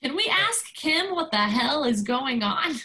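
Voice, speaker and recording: A woman's voice: sits high, big pitch swings, a little slow, bright, forceful tone. A woman playing a tabletop game who makes dry jokes. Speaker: player.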